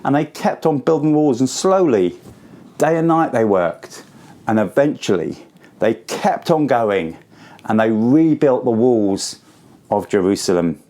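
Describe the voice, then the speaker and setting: A man in his forties giving a school assembly talk, telling a story to children in simple, lively words. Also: mid-range voice, a little slow. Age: 40s.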